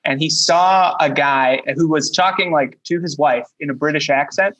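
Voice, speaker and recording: A man co-hosting a podcast, easygoing in casual chat and quick to tell an anecdote. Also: a little high, fairly bright tone, poor audio. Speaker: podcast host.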